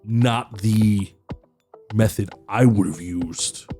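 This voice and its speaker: A man voicing a huge, gruff male minotaur blacksmith who speaks low, quiet and curt. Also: takes it slowly, soft background music. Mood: unimpressed.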